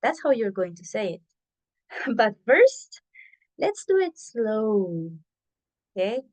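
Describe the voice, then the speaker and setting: A woman teaching English over a video call, speaking slowly and steadily in a fairly high voice. She explains things patiently and repeats herself so the class can follow. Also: very animated, a little mellow.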